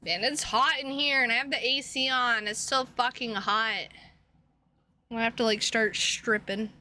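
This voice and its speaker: A woman's voice: a little high, fairly even intonation, normal speed, bright, forceful tone. A woman streaming a visual novel game, chatting casually in a goofy, rambling way with plenty of jokes. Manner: goofy, rambling, jokey, lots of laughing. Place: home room.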